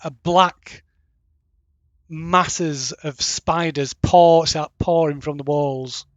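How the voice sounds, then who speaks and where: A man narrating as game master, halting and restarting with many fillers. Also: a little high, steady tone, no room sound.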